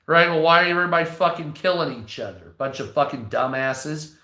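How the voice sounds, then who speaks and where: On a livestream, a host in his forties rants without restraint, cursing often and wandering from one topic to the next in a casual monologue. His fairly quick voice is bright and a bit high, echoing around the room.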